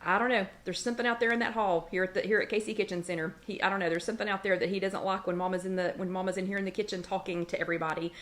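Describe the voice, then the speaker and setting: A woman's voice: mid-range voice, fairly even intonation, racing, hardly any pauses, a bit bright, a little hiss or hum. A chatty middle-aged woman hosts a casual livestream chat from her kitchen. She greets viewers one after another by name and reads out their comments. Now and then she breaks off to scold her dog. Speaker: host of a weight-loss support livestream. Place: home kitchen.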